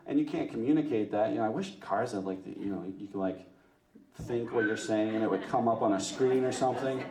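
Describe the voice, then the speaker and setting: A man's voice: medium pitch, a little fast, far from the mic. Joking man speaking in a roomy hall. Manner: lively, joking, self-mocking, asks the audience. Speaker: parish speaker. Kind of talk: talk to a women's church group. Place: church meeting room.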